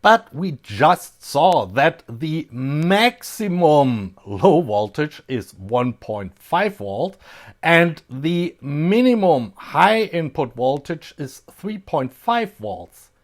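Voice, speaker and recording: A man with a German accent explaining an electronics experiment in a relaxed, thinking-aloud way, with many pauses and fillers. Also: on the high side. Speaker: electronics hobbyist host. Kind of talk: casual technical explanation.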